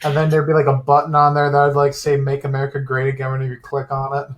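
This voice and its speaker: A man's voice: mid-range voice, monotone, fast. A young man on a podcast, explaining things casually with plenty of fillers. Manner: loose, filler-heavy explaining.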